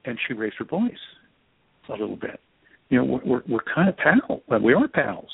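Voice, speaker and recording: A man, an author guest in an interview, telling a story in an animated, self-deprecating way over a phone line. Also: medium pitch, normal speed, gravelly, husky, no echo. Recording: tinny dry phone line.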